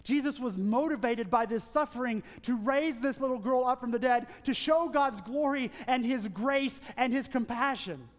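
A man preaching a sermon as pastor, earnest, building into emphatic lists and dropping to hushed asides. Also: very high voice, normal speed, hardly any pauses. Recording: long church reverb.

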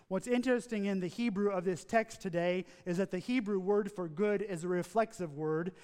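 High-voiced preacher in a reverberant hall. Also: male voice. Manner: emphatic preaching, repeating key phrases. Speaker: pastor. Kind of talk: sermon.

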